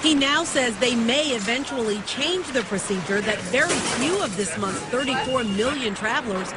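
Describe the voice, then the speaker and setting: A news correspondent narrating a scripted report in steady broadcast style. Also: medium pitch, normal speed.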